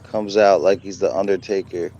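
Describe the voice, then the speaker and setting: A man's voice: low-pitched, fairly even intonation, moderate pace, dark tone, a little hiss or hum. A man hosting a casual chat, commenting wryly on a video he is playing. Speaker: host. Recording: dull lo-fi sound.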